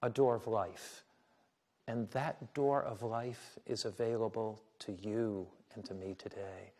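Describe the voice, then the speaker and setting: A male preacher and host speaking in an earnest, sermon-style delivery. His voice is grainy, with a gravelly fry at the ends of phrases. He teaches and tells stories in a steady, pastoral way. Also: medium pitch.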